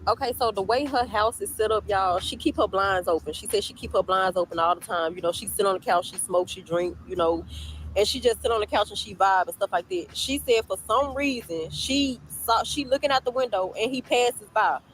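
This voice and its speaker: A woman's voice: mid-range voice, a little fast, rough recording. Woman, storytime vlogger, chatty, repeats herself, talks straight to viewers, faint background noise. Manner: chatty, keeps addressing the audience, repeats herself. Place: at work, on a break.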